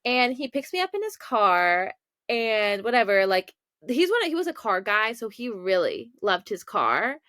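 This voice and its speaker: A young adult woman from Maryland, USA, hosts a podcast and tells a casual story in a chatty, self-mocking way full of asides. Her mid-range voice is very animated, bright and forceful at a normal speed, captured dry with clean studio sound.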